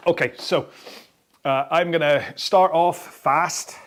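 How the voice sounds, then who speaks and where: A man's voice: a little high, takes it slowly, a little hiss or hum. A man hosting a live rowing workout, chatty and out of breath between sprints, on a throat-worn microphone in his home studio. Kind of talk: live follow-along workout chat.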